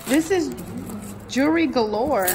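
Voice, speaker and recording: A woman's voice: high voice, lively intonation, unhurried, noisy background. A woman chatting casually on a vlog beside her partner, giggly and talkative. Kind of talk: casual chat.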